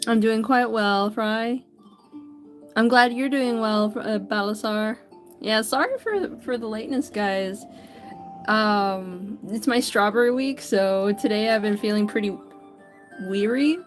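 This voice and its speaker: Drawing on a livestream with faint music behind, a woman talks casually to her viewers, greets them by name, and frequently stumbles and corrects herself. Her voice is mid-range and unhurried.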